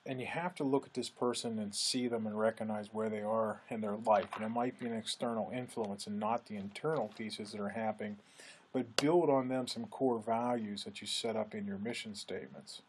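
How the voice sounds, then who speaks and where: A man lecturing in a relaxed, conversational way, acting out quoted remarks with a lifted voice. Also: normal speed, slight background noise. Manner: conversational, acts out quoted speech with lifted pitch. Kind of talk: recorded lecture.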